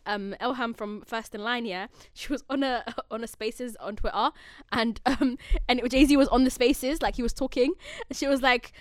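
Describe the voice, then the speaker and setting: A woman in her twenties co-hosting a podcast, chatty and gossipy in a soft-spoken way. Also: fairly high pitch, steady tone, moderate pace, few pauses, no echo, studio quality. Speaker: podcast co-host. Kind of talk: casual chat.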